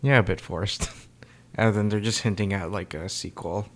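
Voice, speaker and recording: A man co-hosting a relaxed podcast about a film, answering in short, laid-back remarks and small chuckles. His voice is low and gravelly with a creaky edge. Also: normal speed. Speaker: podcast co-host. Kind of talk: casual movie review chat.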